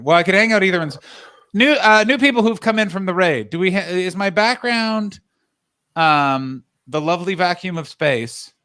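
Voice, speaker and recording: A man hosts a casual live stream, talking in loose, rambling stories. His voice sits a little high. He keeps breaking off into asides, and it sounds like a video call. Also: fairly bright tone. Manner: rambling storyteller, many restarts and asides. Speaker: streamer and host. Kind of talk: casual chat.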